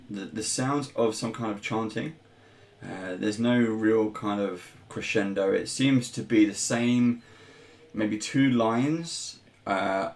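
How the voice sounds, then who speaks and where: A man acting as game master, describing scenes with measured, hesitant pacing. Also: fairly low pitch.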